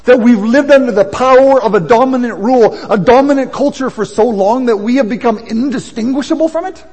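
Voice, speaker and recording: A man's voice: extremely high pitch, a little fast, darkish tone, breathy edge. A man preaching a sermon in a conversational way that builds in intensity. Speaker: pastor. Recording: long hall reverb.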